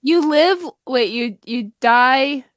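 A woman's voice: high-pitched, takes it slowly, dry recording, studio quality. A woman co-hosting a podcast in casual chat. She laughs often and trails off mid-sentence. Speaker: podcast co-host.

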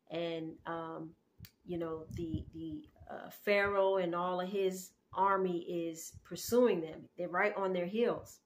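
A woman talking casually in a spoken devotional, slowing down and stressing her words when she reads scripture, with many "okay"s and "y'all"s along the way. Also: mid-range voice. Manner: conversational, repeats "okay" often, says "y'all". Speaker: Christian video creator sharing a prophetic dream.

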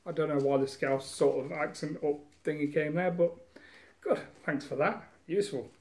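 A man's voice: fairly high pitch, steady tone, normal speed, darkish tone. Rambling, swearing man unboxing. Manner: rambling, self-mocking, swears often. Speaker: gaming vlogger. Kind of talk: casual unboxing chat.

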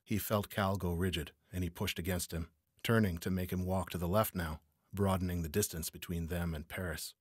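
A man narrating a noir crime story as an audiobook reader, measured and steady. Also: deep voice, slightly rough, dry recording, clean studio sound.

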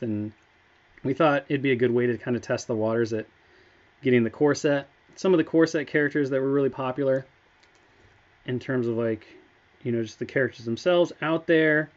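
This game studio staffer speaks in a brisk, mid-range voice, and the audio has its highs cut off. He's chatting casually on the studio's livestream, eagerly telling a story.

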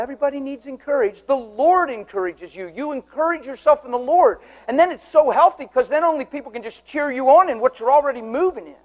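High-voiced male preacher, lively banter. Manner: lively storytelling with audience banter; asks the crowd questions. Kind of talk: sermon. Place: church hall before a congregation.

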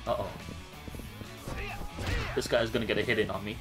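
A man's voice: fairly low pitch, steady tone, normal speed, music in the background. Profane, casual male game streamer. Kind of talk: live gameplay commentary.

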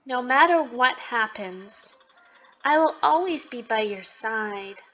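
A woman reading aloud the lines of a gentle, devoted female cat spirit from a game, softly and tenderly. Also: on the high side, lively intonation, takes it slowly, low-quality recording.

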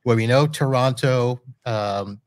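A man's voice: mid-range voice, takes it slowly, no echo. A man hosting a live podcast, chatting casually with a guest and joking as he corrects himself. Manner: chatty, jokey, self-correcting. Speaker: podcast host. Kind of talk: casual interview chat. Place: Florida home studio.

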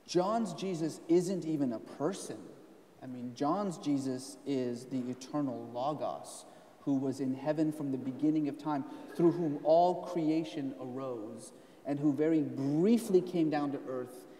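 A man's voice: a little high, unhurried, mellow, a little hiss or hum. A man, an author and scholar, explaining at length in a live onstage conversation, with emphatic stresses. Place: event stage in a hall. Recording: roomy hall, voice from a distance.

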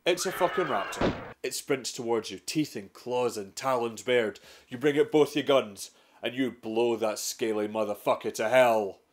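A young man with a Scottish accent hosts a retro gaming vlog. He spins his stories with dramatic flair, drops to hushed suspense, then bursts out with profane punchlines. His voice sits at an ordinary middle pitch. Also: moderate pace, few pauses, a little hiss or hum. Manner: profane, dramatic storytelling with sudden outbursts. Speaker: gaming vlogger. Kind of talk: comedic scripted vlog narration.

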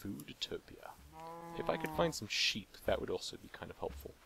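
A man's voice: a little high, expressive, fast, gravelly, noisy background. A young man hosting a let's play, rambling playfully and joking with the animals in the game. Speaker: gaming channel host.

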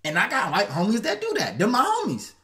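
A man with an African American Vernacular English accent hosting a casual live stream. He talks in loose slang, repeats himself, and his pitch jumps around a lot. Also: wildly swooping pitch, brisk, bright, forceful tone. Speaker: host.

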